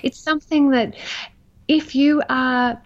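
A woman's voice: high-pitched, steady tone, slow pace. Earnest woman coach, dull lo-fi audio. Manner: earnest, emphatic, warmly enthusiastic. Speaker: trading coach, guest. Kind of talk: interview answers.

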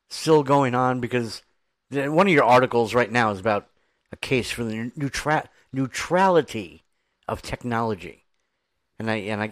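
A man hosting a podcast in a playful, teasing way, full of mock complaints. His voice sits at an ordinary pitch and is recorded dry and close, with little room sound. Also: no echo. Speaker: podcast host. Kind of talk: casual chat.

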